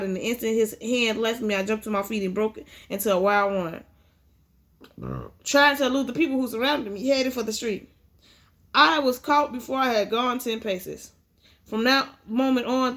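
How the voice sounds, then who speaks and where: Woman reader, fairly high voice, amateur memoir read-aloud with stumbles. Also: a bit bright. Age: adult with a child. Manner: unpolished reading with frequent restarts. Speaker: audiobook reader.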